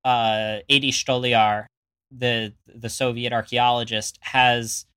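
Bright-voiced man rambling through a history chat. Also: mid-range voice, level tone, takes it slowly, clear, resonant tone. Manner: rambling with many fillers and restarts. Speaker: podcast co-host. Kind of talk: casual chat.

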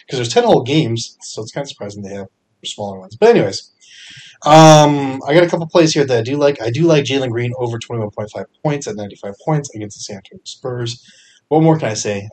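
Young guy doing a fantasy sports podcast, kinda low voice, chatty, gets excited then trails off. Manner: chatty, energetic bursts, frequent fillers. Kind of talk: casual solo podcast picks.

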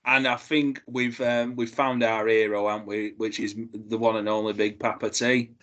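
A man co-hosting a podcast, jokey and halting, often restarting his sentences. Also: on the low side, level tone, a bit bright, highs cut off. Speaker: podcast co-host. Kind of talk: casual review chat.

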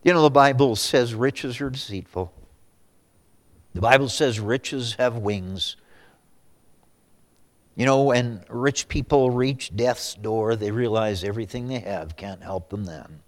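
A man's voice: mid-range voice, a little slow, big-room sound. A male pastor preaching a sermon, swinging between raised emphasis and sudden whispers, often repeating words as he restarts.

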